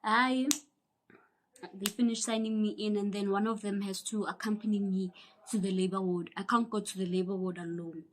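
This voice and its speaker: A young South African woman telling a personal story in a casual, animated way, acting out the people she quotes and sometimes dropping into a whisper. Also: medium pitch, moderate pace, a little hiss or hum. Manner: animated, acts out quoted voices, drops into whispers. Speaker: YouTuber.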